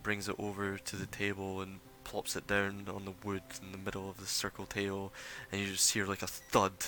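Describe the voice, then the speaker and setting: A man narrating as game master of a tabletop game, casual and rambling, with filler pauses. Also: sits low, completely flat delivery, bright, forceful tone, slight background noise.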